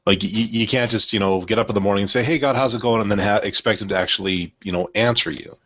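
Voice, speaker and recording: A man's voice: fairly low pitch, steady tone, fast talker, fairly bright tone. A man in a casual discussion, talking in a rambling, irreverent and jokey way. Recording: dull lo-fi sound.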